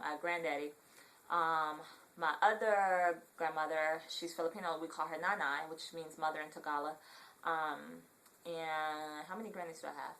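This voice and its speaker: A woman's voice: low-pitched, low-quality recording. A young woman from Southern California with a Southern Californian accent and a congested, nasal voice, chatting casually in a rambling vlog full of ums. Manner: relaxed, rambling, many ums. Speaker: vlogger.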